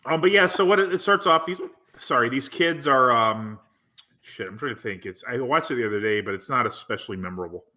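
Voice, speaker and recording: A man talks quickly in a bright, forward voice, rambling through a movie plot with lots of restarts. He has the hiccups and keeps stopping to correct himself. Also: medium pitch, expressive. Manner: rambling, hesitant, many restarts. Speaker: podcast co-host. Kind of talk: casual chat reviewing a movie.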